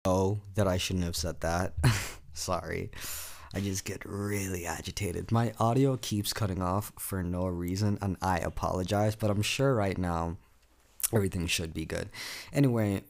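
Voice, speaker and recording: Gravelly-voiced eighteen-year-old guy rambling. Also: sits low, normal speed. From South Africa. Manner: rambling, frequent "like" fillers, swears freely. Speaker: podcast host. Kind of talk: casual solo podcast monologue.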